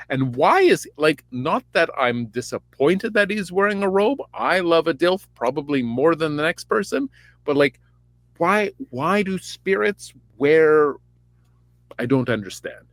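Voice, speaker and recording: A man's voice: a little high, no room sound. A podcast host, a man, retelling a Bible story in a rambling, irreverent, campy way.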